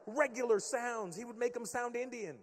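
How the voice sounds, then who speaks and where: A stand-up comedian in his fifties teasing audience members with quick banter. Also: very high-pitched. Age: 50s. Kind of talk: stand-up crowd work. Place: live comedy venue with audience. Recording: reverberant hall, faint crowd ambience.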